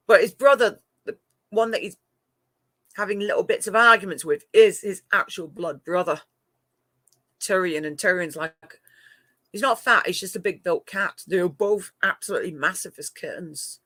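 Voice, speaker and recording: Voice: medium pitch, moderate pace, long pauses, pushed and bright, dry recording. Chatty middle-aged English live-streamer. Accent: mixed northern and southern English. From England. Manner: chatty, laughs often, talks to pet cats. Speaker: live-stream host and moderator. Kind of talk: casual live-stream chat.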